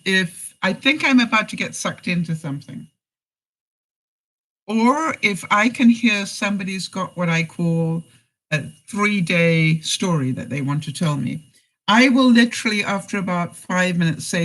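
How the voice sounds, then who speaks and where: A woman's voice: medium pitch, expressive, a little slow, fairly bright tone, poor audio. A middle-aged woman vlogger giving life advice in a live chat, telling stories, acting out quoted lines and laughing often. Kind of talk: live-stream chat, reading viewer comments.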